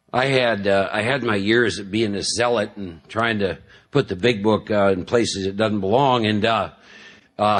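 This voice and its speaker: Speaking to a live audience at a recovery meeting, a man with a husky, slightly breathy, lowish and somewhat bright voice talks conversationally and jokingly. He acts out little inner voices and keeps checking in with his listeners.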